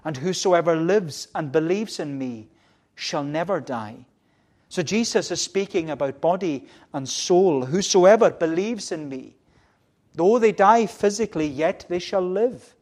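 A man preaching a sermon, repeating key phrases and swinging between quiet, low passages and loud, emphatic ones. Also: animated, a little slow.

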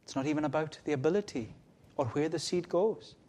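A man preaching a sermon from a church pulpit, with repeated refrains, rising to loud cries and dropping to hushed lines. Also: a little high, brisk. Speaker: minister.

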